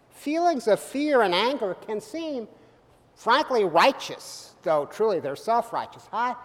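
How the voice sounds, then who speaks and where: A middle-aged man preaching a sermon, animated and humorous, swinging from loud bursts to soft, quiet lines. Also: sits high. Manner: humorous asides. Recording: hall reverb.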